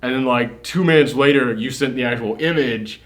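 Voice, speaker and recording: A young man co-hosting a casual movie review chat, excitable and swearing freely as he acts out quotes. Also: medium pitch, normal speed. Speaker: co-host of a movie review show.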